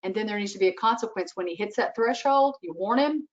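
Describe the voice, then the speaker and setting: Animated female advisor on a video call; dull, lo-fi sound. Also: medium pitch, fast. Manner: animated, acts out what she would say to a child. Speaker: webinar expert answering parent questions. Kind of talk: advice in a webinar Q&A.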